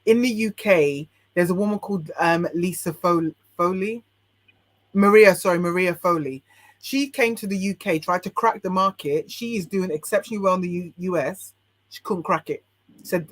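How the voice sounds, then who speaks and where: A woman's voice: lowish voice, moderate pace. A British woman chats casually as a guest on a podcast. She gives her opinions bluntly and often stops mid-phrase to start again. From United Kingdom. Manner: frank and opinionated, many restarts. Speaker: podcast guest, life coach.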